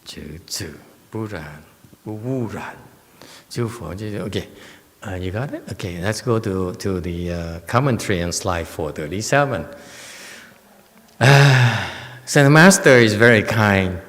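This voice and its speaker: A man, a Buddhist monk giving a slow, joking dharma lecture with many fillers and teasing asides. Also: fairly low pitch, a bit bright. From United States. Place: temple lecture hall. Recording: long hall reverb.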